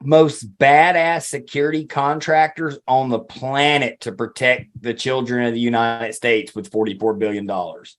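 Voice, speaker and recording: A man's voice: medium pitch, fairly even intonation, normal speed, hardly any pauses. A man from Alabama with a Southern accent, co-hosting a podcast in casual chat, sarcastic and swearing constantly as he riffs in mocking rants. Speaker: podcast co-host.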